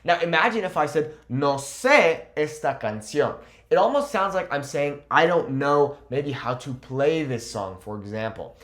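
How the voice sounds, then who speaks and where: Young male language teacher, somewhat high voice, patient explainer who slows down for example phrases. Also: a bit bright. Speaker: Spanish teacher. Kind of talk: online language lesson.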